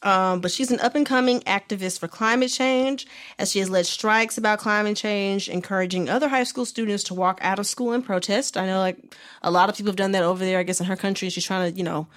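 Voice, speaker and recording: A young woman co-hosting a casual podcast, chatting in an animated, slangy way with quick asides. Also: medium pitch. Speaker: podcast co-host.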